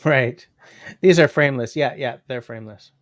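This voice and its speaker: A man of fifty hosting a casual livestream, rambling along and reading viewer comments out loud. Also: medium pitch, normal speed, no room sound, studio quality. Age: 50s. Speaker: livestream host.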